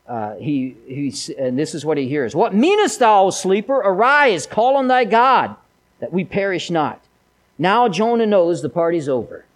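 A man's voice: fairly high pitch, darkish tone, poor audio. A man preaching a sermon, mixing folksy stories with emphatic appeals. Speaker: pastor.

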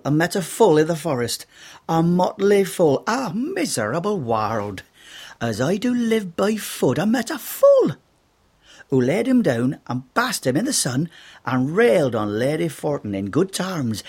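A man's voice: a little high, very animated, unhurried, a little mellow, breathy edge, pitched above the performer's own voice, exaggerated voice. An actor reciting verse as a melancholy male courtier who mocks a fool, in a theatrical stage manner with a Shakespearean original-pronunciation accent. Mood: wry, theatrical.

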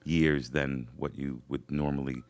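An older man from Brooklyn with a faded Brooklyn accent, hosting a casual interview and rambling with many pauses. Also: a bass voice, fairly even intonation, no echo. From Brooklyn, New York. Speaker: podcast host.

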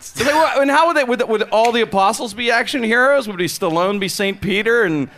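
A man hosting a comedy show, talking in an excitable, rambling way with lots of restarts. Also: very high-pitched, brisk, slight background noise. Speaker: host. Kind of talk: comedy radio show banter.

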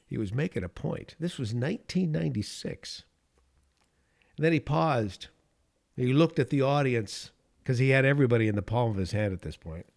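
A man hosting a podcast, telling a story in an animated way and chuckling as he goes. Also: mid-range voice, normal speed, gravelly. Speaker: podcast host.

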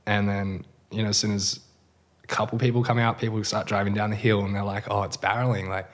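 A laid-back man with a fairly low voice recounts a big surf session, loose and easygoing. He swears freely and slips into the voices of people he's quoting. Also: level tone, fairly quick. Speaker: surfer telling a story. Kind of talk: casual chat.

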